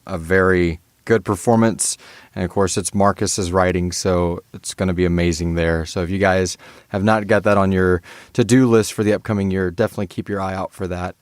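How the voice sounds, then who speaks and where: Halting low-voiced male podcast host. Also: steady tone, no room sound. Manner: rambling, halting, many restarts and praise. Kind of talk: casual interview chat.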